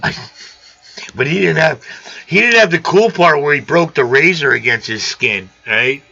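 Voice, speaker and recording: A man's voice: on the high side, animated, moderate pace, gravelly, sharp tone, dull audio. A man hosting a live show, chatting casually and riffing jokingly on old movies. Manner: rambling, jokey riffs on old movies. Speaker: host of a live aquarium show. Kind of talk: casual chat.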